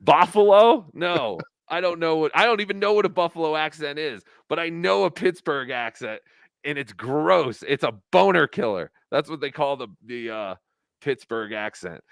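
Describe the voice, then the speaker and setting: Animated crude-talking male podcast host. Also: fairly high pitch, moderate pace, gravelly, no echo. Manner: crude, mocking, does voices of others. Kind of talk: casual call-in show banter.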